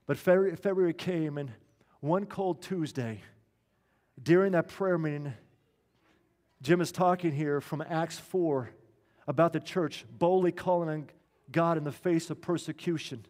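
A man, a pastor, tells a story in an earnest sermon, slowing down to stress key lines. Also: fairly high pitch, a little mellow, long reverb tail.

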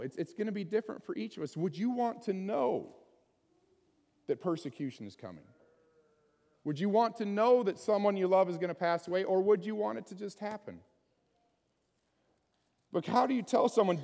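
A man's voice: sits high, very animated, moderate pace, creaky, pauses often, darkish tone, long reverb tail. A man preaching a sermon in a conversational way, often putting questions to his listeners. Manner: conversational, asks the congregation many questions. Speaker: pastor.

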